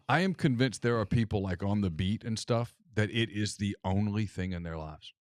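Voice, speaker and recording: Guy on a sports podcast, lowish voice, dry room, kinda wry, trips over his words a lot. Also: no echo. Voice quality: halting, repeats words. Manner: wry, self-deprecating. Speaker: podcast co-host. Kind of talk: casual sports talk.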